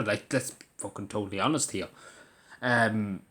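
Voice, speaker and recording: A man's voice: fairly low pitch, expressive, moderate pace, a bit bright. A man, ranting angrily in a monologue, swearing often and stumbling over restarts. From Ireland. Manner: angry, swearing, stammering restarts. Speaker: commentator.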